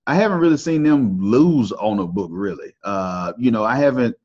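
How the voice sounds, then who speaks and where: A man's voice: on the low side, lively intonation, moderate pace, a little mellow. A man with a Texan accent hosting a podcast interview, talking in a loose, folksy, upbeat way with plenty of fillers. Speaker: podcast host. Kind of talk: casual interview talk. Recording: dull lo-fi audio.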